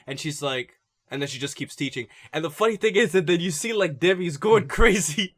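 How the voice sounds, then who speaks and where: A man's voice: fairly high pitch, lively intonation, brisk, a bit bright. A young man co-hosting a podcast, laid-back and rambling with many fillers. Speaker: podcast co-host. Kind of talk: casual podcast chat.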